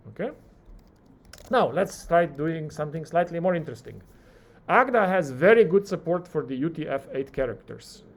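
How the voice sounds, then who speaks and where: A male lecturer teaching a live coding class, talking through each keystroke and acting out the software's replies. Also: fairly high pitch.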